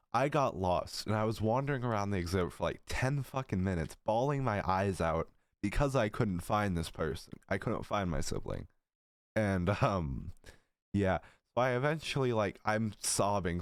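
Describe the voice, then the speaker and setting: A young man in his late teens with a slightly low voice tells a story on a casual vlog. He rambles, fills his sentences with fillers, and swears freely. The recording is dry and close. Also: no echo. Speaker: vlogger.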